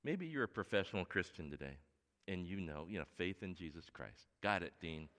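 A middle-aged man preaching a sermon as a pastor, telling stories in an earnest way that swings between hushed and emphatic. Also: low-pitched, lively intonation, a little fast. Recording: long reverb of a large hall.

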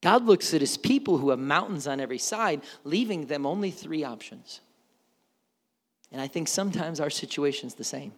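A man preaching a sermon as pastor, animated and joking, acting out quoted voices. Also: on the high side, normal speed, big-room sound.

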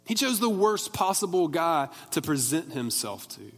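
A man's voice: fairly high pitch, very animated, moderate pace, vocal fry, fairly bright tone, soft background music. A young man preaching a casual, conversational sermon in a church, often restarting his sentences and acting out the voices of the people in his stories. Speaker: pastor. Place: church worship hall. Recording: long hall reverb.

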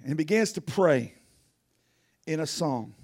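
Outdoors in the wind, a man with a high voice preaches a sermon, taking it slowly. He is folksy and animated, using casual, everyday grammar.

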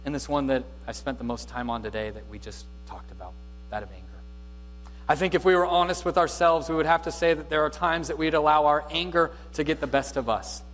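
Man preaching a lively sermon. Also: on the high side, a little fast. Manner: dynamic preaching, swinging from loud to hushed. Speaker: pastor. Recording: reverberant hall with faint mains hum.

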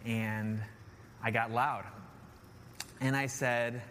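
Earnest preacher in a reverberant hall. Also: male voice, medium pitch, lively intonation, moderate pace, fairly bright tone. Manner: earnest, repeats key phrases with "right?". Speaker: pastor. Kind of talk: sermon. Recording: long hall reverb, faint noise.

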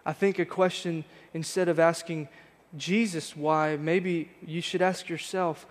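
Earnest pastor preaching in a reverberant church. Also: male voice, fairly high pitch, fairly even intonation, measured pace, few pauses. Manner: earnest, reflective, repeating rhetorical questions. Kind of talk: sermon. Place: church sanctuary.

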